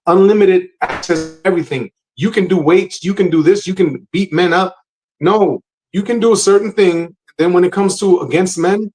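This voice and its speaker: Podcast co-host, male, slightly high voice, emphatic lecturing delivery. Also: a little mellow, rough recording. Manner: emphatic, lecturing, repeats phrases. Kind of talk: casual podcast chat.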